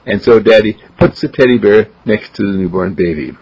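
A man telling a gentle, unhurried story. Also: fairly low pitch, husky. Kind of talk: spoken storytelling. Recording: dull lo-fi recording.

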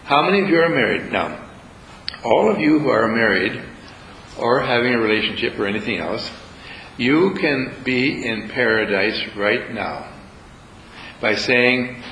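A man's voice: mid-range voice, animated, measured pace, pauses often, sharp tone, echoey room, slight background noise, poor audio. A man leading a spiritual retreat, talking live to a room audience in a playful, teasing way. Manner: playful, teasing, acts out little scenes with voices.

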